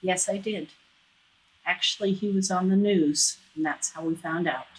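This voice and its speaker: A woman speaks in a husky, fairly low voice as a guest on an interview show. Her answers are short and soft-spoken. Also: moderate pace, rough recording.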